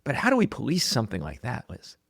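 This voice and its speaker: A man hosting a podcast interview, asking questions conversationally with some halting restarts. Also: medium pitch, huge pitch swings, vocal fry, slightly rough, dry recording, clean studio sound. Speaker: podcast host.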